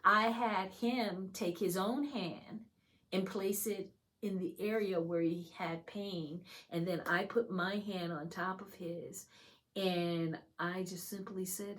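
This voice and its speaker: Woman host, casual religious testimony; exuberant, breaks into soft whispered prayer. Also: medium pitch, slow. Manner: exuberant, shifts between loud excitement and hushed whispers; chatty, many fillers like "you know". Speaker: video host sharing testimony.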